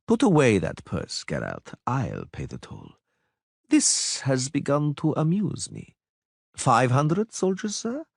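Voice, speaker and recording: A man's voice: medium pitch, wildly swooping pitch, slow pace, gravelly, slightly rough, no room sound, clean studio sound, pitched above the performer's own voice, exaggerated voice. A man doing an amused theatrical nobleman. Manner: amused, theatrical, swings from hushed to rousing. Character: mysterious genial male nobleman, amused and commanding.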